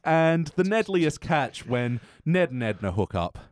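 A man's voice: a little high, sing-song, unhurried, dry recording. Man hosting a dry, close-mic podcast. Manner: reads review quotes, laughs often. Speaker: podcast host. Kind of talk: casual chat.

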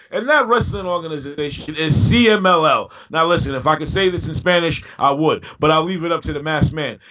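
A man's voice: fairly high pitch, brisk, hardly any pauses, bright, forceful tone, highs cut off. A man co-hosting a podcast, talking in brash, profane, laughing comedic banter with mock threats. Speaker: podcast co-host.

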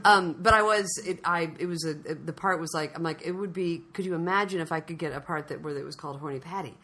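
Woman in her thirties, bright and forceful voice, rambling self-deprecating chat. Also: on the low side, fast talker. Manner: rambling, self-deprecating storyteller who acts out quotes. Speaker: actress guest. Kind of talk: casual chat.

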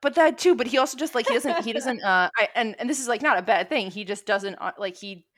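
A young adult woman co-hosting a casual chat, telling stories in a rambling, animated way and swearing casually. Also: on the high side, fast talker.

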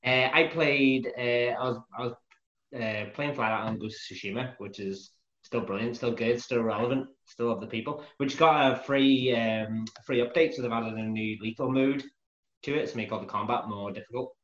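A man's voice: mid-range voice, moderate pace, a bit bright. A man co-hosting a gaming podcast, chatting casually and cracking jokes. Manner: jokey, laughs often. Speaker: podcast co-host. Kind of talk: casual chat. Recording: echoey room, dull lo-fi sound.

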